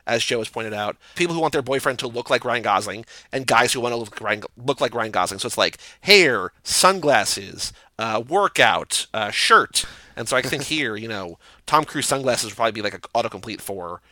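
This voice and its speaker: A man hosting a podcast in casual chat, talking in an animated way with quick restarts and easy laughs. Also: mid-range voice, no room sound, rough recording. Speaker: podcast host.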